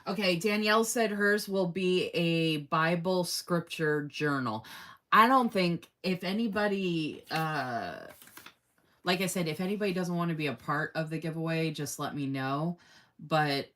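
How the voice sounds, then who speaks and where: A woman's voice: on the low side, a little slow, a bit bright. A woman hosting a casual live stream, chatty and effusive, laughing often and reading viewer comments aloud. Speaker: live-stream host running a giveaway.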